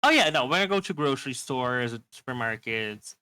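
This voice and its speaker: Laughing young Brazilian man, bright voice. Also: mid-range voice, moderate pace, smooth, no room sound, low-quality recording. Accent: Brazilian Portuguese. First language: Portuguese. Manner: laughing, relaxed, rambling. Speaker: guest. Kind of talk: casual chat.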